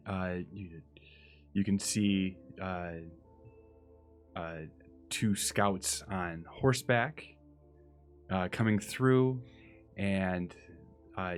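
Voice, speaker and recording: Deep slow-talking man narrating a game. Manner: halting, many fillers. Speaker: dungeon master.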